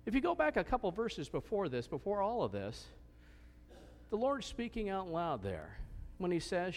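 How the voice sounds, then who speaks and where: A man's voice: high-pitched, wildly swooping pitch, moderate pace. A man preaching a sermon, asking questions and stressing points with emphasis. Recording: long hall reverb.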